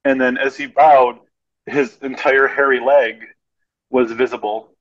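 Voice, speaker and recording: Man telling lively stories over dull audio. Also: medium pitch, unhurried. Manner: animated anecdotal storyteller. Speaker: podcast guest. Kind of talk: casual storytelling.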